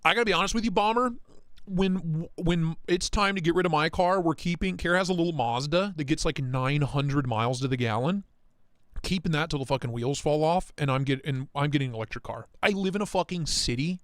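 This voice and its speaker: A man hosting a casual live stream, talking in excitable, profane, rambling rants. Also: a little high, fairly quick, no echo, studio quality. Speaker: livestream host.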